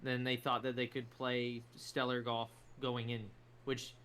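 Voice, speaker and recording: A man co-hosting a sports podcast, chatting casually in an animated, argumentative way, often repeating himself. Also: medium pitch, measured pace, slight background noise. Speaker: podcast co-host. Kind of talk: casual chat.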